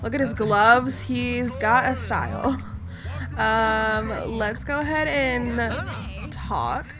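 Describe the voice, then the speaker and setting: A woman with a slightly high voice gives casual, chatty commentary while she plays a game. She talks in a mock-exasperated way and scolds the characters on screen. Clear background music runs under her voice. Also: extremely slow. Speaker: gaming channel host.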